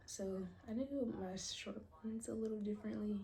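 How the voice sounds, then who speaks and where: While painting her toenails, a US beauty vlogger in her twenties chats informally in slang, often lowering her voice to a whisper. Her mid-range voice is mellow and flat with vocal fry, at a normal speed.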